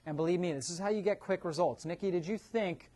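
A man's voice: sits high, fast talker, mellow. A man presenting a nutrition seminar to a live audience, quizzing the room and tagging his points with "right?". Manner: keeps checking in with a tag "right?".

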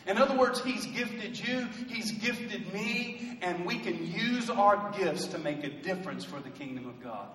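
A male pastor with a strikingly high voice preaches animatedly, a touch slowly and with hardly any pauses, building to loud, fervent bursts and dropping in humorous asides. Recorded on a distant mic in a church sanctuary, his words ring with a long, roomy hall echo over a faint hum of ambience.

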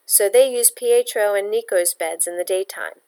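Woman reading as a scornful older landlady, loud, sneering, bossy. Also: medium pitch, normal speed, smooth, lightly acted.

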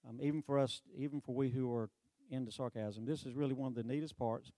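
A man preaching a sermon, retelling a story with lively delivery, sarcastic humor and acted-out quotes. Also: mid-range voice, quick pace, no room sound.

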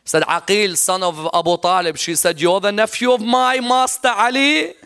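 Impassioned high-voiced male preacher. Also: steady tone, moderate pace, pushed and bright, clean tone, faint music behind. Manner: mournful, impassioned narration with repeated "yes?" to the audience. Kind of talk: sermon, dramatic storytelling. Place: mosque.

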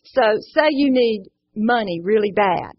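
A woman's voice: mid-range voice, lively intonation, unhurried, a little hiss or hum. A woman gives a Bible study talk to a live group, earnest and encouraging, often asking them questions. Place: indoor room with a live group. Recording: dull lo-fi recording.

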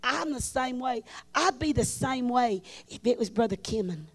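A woman telling stories in a sermon at a conference, shifting between loud bursts and hushed asides. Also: on the high side, lively intonation, moderate pace. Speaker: conference speaker. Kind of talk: storytelling sermon. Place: large conference hall.

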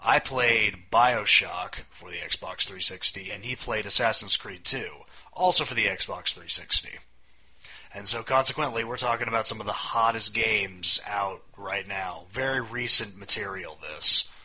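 A man's voice: lowish voice, a little slow, pushed and bright, poor audio. A young man co-hosting a casual podcast, talking in a rambling, wry way and swearing casually. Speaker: podcast co-host.

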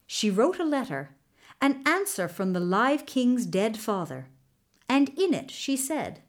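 A woman storyteller reading a folktale aloud, unhurried and measured. Her fairly high voice rises and falls with lively expression.

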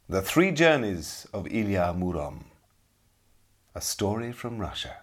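Middle-aged man, audiobook storyteller, low voice with very lively pitch. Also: a little slow. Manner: expressive, dramatic. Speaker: narrator.

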